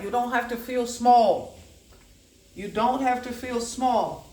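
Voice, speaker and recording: A woman giving a channelled oracle card reading. She rambles and repeats words in chanting bursts, swinging between low murmurs and loud declarations. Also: takes it slowly, pauses often. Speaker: psychic oracle card reader. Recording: echoey room.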